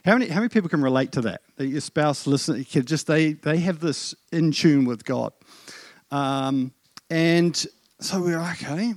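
A middle-aged man from New Zealand with a New Zealand accent, telling a story in a sermon with lively asides to the congregation. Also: on the high side, normal speed, dry recording, clean studio sound. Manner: animated, self-deprecating storytelling with asides to the congregation. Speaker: pastor. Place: church.

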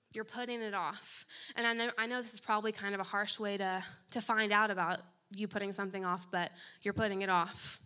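A woman's voice: medium pitch, pushed and bright. A young adult woman giving a conversational youth sermon, direct and urgent, with playful asides and mock-voiced quotes. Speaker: guest speaker. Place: room full of young people.

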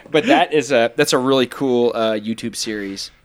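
A man co-hosting a podcast in casual chat, playful with mock-dramatic buildups. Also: medium pitch. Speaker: podcast co-host.

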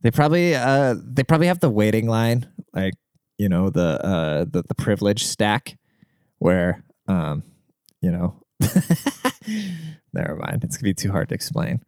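A man's voice: fairly low pitch, moderate pace, a little mellow, smooth, no room sound, clean studio sound. A man hosting a podcast in a rambling, crude and profane casual monologue. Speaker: podcast host.

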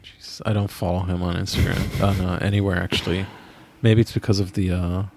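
An American man co-hosting a podcast, chatting in a gossipy, animated way with his pitch jumping up when he gets excited. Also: a little fast, gravelly. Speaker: podcast co-host. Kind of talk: casual chat.

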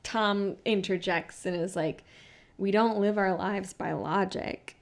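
A woman's voice: medium pitch, fairly even intonation, slow, vocal fry. A young woman co-hosting a casual recap podcast who swears freely and acts out the quotes she retells. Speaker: podcast co-host.

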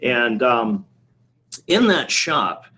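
A man's voice: medium pitch, big pitch swings, very slow, sharp tone, poor audio. A middle-aged man, a coffee shop owner, telling a rambling anecdote in casual chat, with many fillers and restarts.

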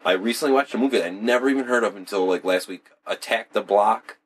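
Low husky man rambling casually. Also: quick pace. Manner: rambling and profane. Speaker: podcast co-host. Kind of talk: casual chat.

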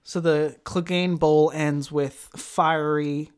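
Low-voiced woman explaining plot. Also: steady tone, slow, darkish tone, clear, resonant tone. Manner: explains plot in detail, laughs often. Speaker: podcast co-host. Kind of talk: casual chat recapping a show.

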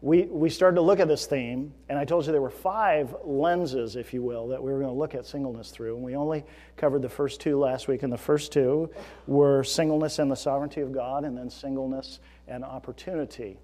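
A man's voice: medium pitch, fairly even intonation, fairly quick, mellow. A man preaching an earnest, emphatic sermon as pastor, with frequent fillers and restarts. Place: church sanctuary. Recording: long reverb of a large hall.

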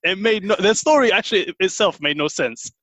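A man's voice: sits high, expressive, brisk, fairly bright tone, no echo, poor audio. A man chatting casually, mocking and incredulous, with slangy phrasing. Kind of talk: casual chat.

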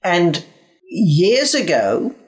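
Dorset-accented woman, a speaking coach, unhurried and blunt, guest on an interview. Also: on the low side, sing-song. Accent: Dorset English. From England. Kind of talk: interview conversation.

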